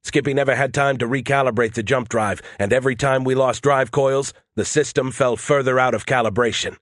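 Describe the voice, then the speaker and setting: Male audiobook narrator, first person, steady and tense, dry recording. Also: medium pitch, fairly quick, no room sound.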